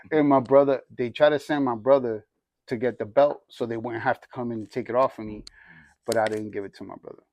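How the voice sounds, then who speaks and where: A man's voice: mid-range voice, brisk, a little mellow, no echo, muffled recording. A young man telling his life story in a casual, slangy, rambling way, sharing a testimony. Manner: informal, slangy, rambling with restarts. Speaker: church group member sharing testimony.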